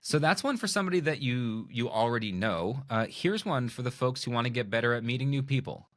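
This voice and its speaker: Middle-aged guy on a podcast, super lively up and down voice, acts out bits of dialogue, playful. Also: medium pitch, a little fast. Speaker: podcast guest, magician and speaker. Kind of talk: animated conversational interview.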